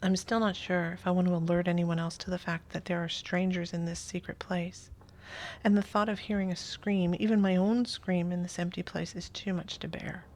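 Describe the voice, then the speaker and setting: A woman reads a first-person interactive story aloud, her voice soft and often dropping to a near whisper. She breaks off now and then for casual asides of her own. Her pitch sits a little low. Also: little pitch movement, moderate pace. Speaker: host reading an interactive story.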